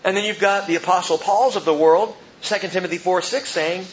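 A man preaching a sermon as pastor, swinging between loud emphatic peaks and quiet low asides. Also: brisk, highs cut off, a little hiss or hum. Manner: animated preaching, rising and dropping sharply for emphasis.

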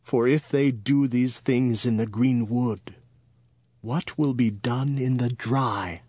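Give me a man playing a grave, gentle Jesus in a dramatized scripture reading. He speaks slowly and solemnly, each phrase weighed, in a mid-pitched male voice. The recording is dry and close. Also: fairly even intonation, husky, dry recording. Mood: sorrowful. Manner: slow, solemn and measured.

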